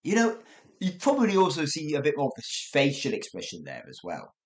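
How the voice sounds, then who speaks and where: A man's voice: on the high side, brisk. A man giving a casual spoken English lesson, chatty and often correcting himself as he explains. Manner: chatty, self-correcting, lively intonation. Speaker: English teacher.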